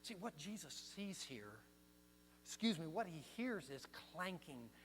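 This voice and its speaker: High-voiced older pastor in a reverberant hall. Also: male voice, very animated, measured pace. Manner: storytelling, swinging from hushed to loud. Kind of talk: sermon. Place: church sanctuary. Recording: long hall reverb with mains hum.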